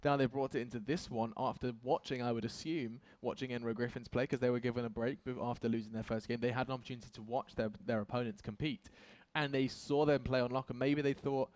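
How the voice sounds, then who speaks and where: A man casting a competitive video game match, calling the action with quick excitable commentary and self-deprecating jokes. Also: mid-range voice, no echo. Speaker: esports caster. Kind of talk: esports play-by-play commentary.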